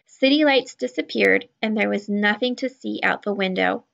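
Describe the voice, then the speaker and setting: A woman reading a children's novel aloud in a steady, even storytelling voice. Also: mid-range voice, normal speed, gravelly, highs cut off. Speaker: children's book reader. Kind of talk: read-aloud narration.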